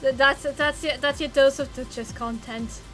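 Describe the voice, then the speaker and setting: Woman streamer, fairly high voice, loose and sweary chat, faint music behind. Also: fairly even intonation, moderate pace, a bit bright. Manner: rambling and profane, with many fillers. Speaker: livestreamer.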